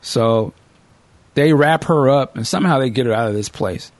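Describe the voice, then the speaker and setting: A male podcast host casually recapping a movie as an animated storyteller who acts out the characters. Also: mid-range voice, moderate pace, no room sound.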